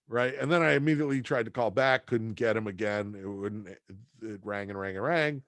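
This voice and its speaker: A man's voice: on the low side, unhurried, gravelly, pauses often, a bit bright, dry recording, studio quality. A man teaching a class, telling a story in a rambling, hesitant way full of fillers and restarts. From near Boston, USA. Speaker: instructor.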